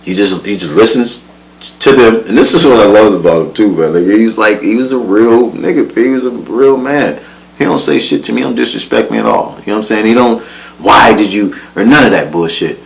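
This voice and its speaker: A young man with a lowish, vocal-fried voice tells a story from his own life at a slightly fast clip, animated and profane. He laughs a lot and mimics the people he quotes, and the recording is rough.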